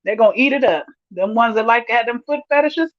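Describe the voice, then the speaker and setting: A woman's voice: fairly high pitch, lively intonation, fast talker, no echo, muffled recording. A woman hosting a casual livestream, reading viewer comments aloud and laughing often. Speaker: livestream host reading chat.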